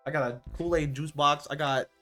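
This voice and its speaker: A man's voice: a little high, steady tone, a little fast, sharp tone, faint music behind. A young man chatting casually with his viewers while playing, rambling and slangy. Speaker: streamer. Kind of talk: casual gaming stream chat.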